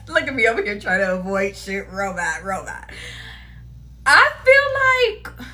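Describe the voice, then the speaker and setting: A woman giving a casual tarot reading to her viewers, animated, laughing often and cursing freely. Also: sits high, unhurried. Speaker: tarot reader.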